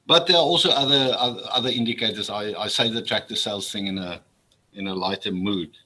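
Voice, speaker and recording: Man, bright tone, slightly husky, formal speech, earnest, repeats words. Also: lowish voice, brisk, rough recording. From South Africa. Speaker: public official addressing an assembly.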